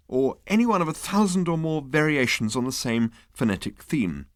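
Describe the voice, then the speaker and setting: A man reading an audiobook aloud with wry, deadpan humor. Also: mid-range voice, normal speed, hardly any pauses, no room sound, studio quality. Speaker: audiobook narrator. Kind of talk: scripted narration.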